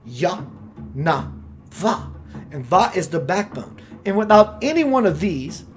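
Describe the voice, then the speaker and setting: A man with a slightly high voice gives a meandering spiritual talk. He muses aloud and sometimes gropes for the right word. Faint music plays underneath. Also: big pitch swings, a little slow. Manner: meandering, musing, searching for words. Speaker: spiritual teacher.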